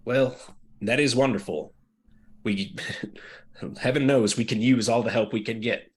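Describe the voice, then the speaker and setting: A man's voice: medium pitch, a little slow, husky. A man playing a weary frontier marshal, speaking earnestly with folksy phrasing. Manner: folksy drawl, plainspoken.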